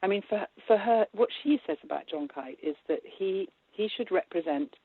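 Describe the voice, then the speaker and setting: A woman film director talking in an interview, animated and laughing, with many restarts. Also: medium pitch, normal speed, slightly rough. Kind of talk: interview conversation. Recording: tinny phone-line sound.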